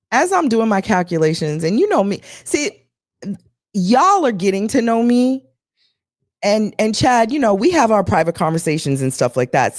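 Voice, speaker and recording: A woman's voice: on the high side, dry recording, studio quality. A woman co-hosting a live chat show, telling stories bluntly and swearing often. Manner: animated, blunt storytelling with frequent profanity. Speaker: podcast co-host.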